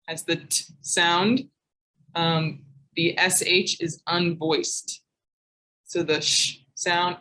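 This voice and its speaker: A woman teaching English pronunciation in a live online class, saying each word slowly and twice. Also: lowish voice, steady tone, pushed and bright, low-quality recording. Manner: slow, deliberate, repeats each word twice.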